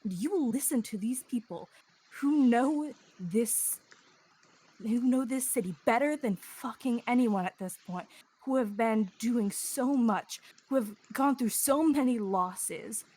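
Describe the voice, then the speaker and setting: A woman's voice: a little high, slow, warm tone, breathy edge. A woman voicing an enraged male adventurer who rants and swears at length. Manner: ranting, heavy swearing.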